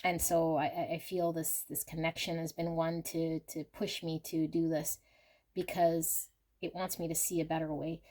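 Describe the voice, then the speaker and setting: A woman channeling, in first person, a guarded and wounded lover who speaks in an earnest, halting way. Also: low-pitched, little pitch movement, darkish tone, natural voice. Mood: confessional. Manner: earnest, halting, repetitive confession.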